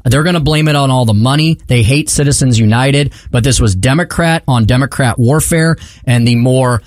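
A man hosting a political talk radio show in a studio, talking in a brisk, emphatic way. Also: medium pitch, dry recording. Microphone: studio microphone.

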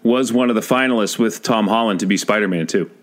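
A man's voice: on the low side, fast. A man co-hosting a casual pop-culture podcast, giving dry, grumbling opinions. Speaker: podcast co-host.

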